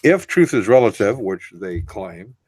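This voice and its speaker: A man's voice: lowish voice, sing-song, measured pace, darkish tone, husky, dry recording. A man co-hosting a casual radio discussion, explaining in long, winding, earnest sentences. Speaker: co-host.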